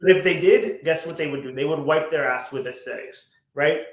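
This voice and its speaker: A man's voice: a little high, a little fast. Blunt, swearing man in an echoey room. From United States. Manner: blunt, swears a lot, fillers and restarts. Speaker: podcast co-host. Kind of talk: casual podcast chat.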